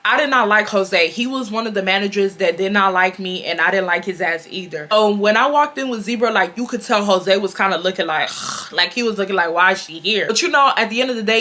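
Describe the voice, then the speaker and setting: Bright chatty young woman. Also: mid-range voice. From Houston, Texas. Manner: chatty, filler-heavy, animated. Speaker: YouTuber. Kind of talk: casual storytime.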